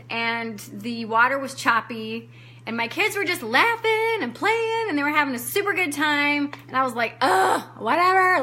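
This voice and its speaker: A woman's voice: a little high, sharp tone. A woman coach telling a personal story in a training, candid and emotional, acting out her own past words and swearing casually. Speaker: life coach giving a training.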